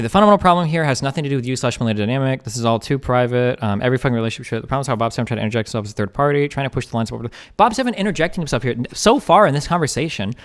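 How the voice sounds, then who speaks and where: A young male streamer talks through a video at a rapid clip, his pitch sitting in an ordinary middle range. He swears freely and strings his thoughts together with fillers and restarts. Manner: rapid, profane, many fillers like "like" and "um". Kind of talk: live stream reaction and commentary.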